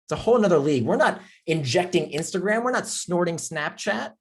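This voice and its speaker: An author and speaker gives an impassioned talk on a video call, full of emphatic rhetorical questions, then calmly takes audience questions from the chat. His voice is high-pitched and a little fast, with a breathy edge.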